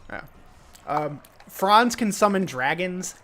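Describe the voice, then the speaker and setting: A man's voice: high-pitched, expressive, slow, pushed and bright. A young man narrating as game master, casual and hesitant, with many fillers.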